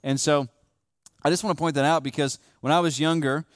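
A young man preaches with a smooth, resonant voice, dry and close to the mic. He talks to the congregation casually, checking in often, and swings from quiet, low stress to loud, urgent emphasis. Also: steady tone, a little fast, dry recording. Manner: conversational, often tags lines with "okay?" and "right?"; shifts between hushed emphasis and raised, stressed lines. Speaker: pastor. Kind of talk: sermon.

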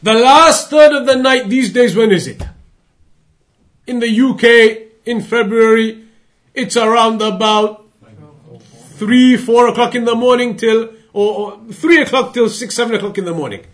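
A man's voice: very high-pitched, measured pace, a bit bright. A man teaching an Islamic creed lesson, emphatic and repetitive, full of rhetorical questions.

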